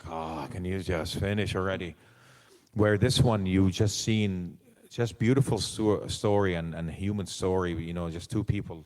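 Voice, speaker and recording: A man, a guest actor, answering audience questions on a convention panel in a casual, animated way, with frequent restarts and laughs. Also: on the low side, in a large hall. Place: large convention hall.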